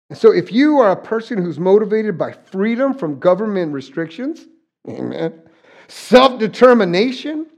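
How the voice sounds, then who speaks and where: A middle-aged pastor from southern New Mexico delivers a conversational, folksy sermon full of jokes, often restarting his sentences. His voice sits high and is a little mellow, with the highs cut off.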